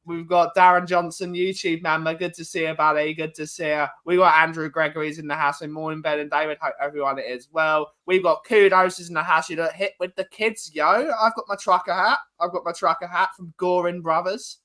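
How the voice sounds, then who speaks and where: A young man hosts a casual football chat show, reading out viewer names one by one and greeting each with friendly, running banter. His voice is on the high side, pushed and bright, steady in tone, brisk and with few pauses.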